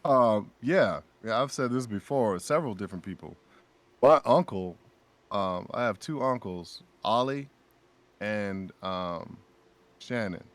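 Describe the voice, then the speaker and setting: A man guesting on a casual podcast, telling lively stories and acting out what his friends said. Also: lowish voice, a little slow, dry recording. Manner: animated storyteller who acts out friends' lines. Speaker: guest voice actor.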